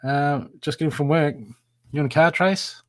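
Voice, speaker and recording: A man doing live-stream card readings, talking warmly and repetitively to viewers by name. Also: a little high, fairly even intonation, moderate pace. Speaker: psychic reader.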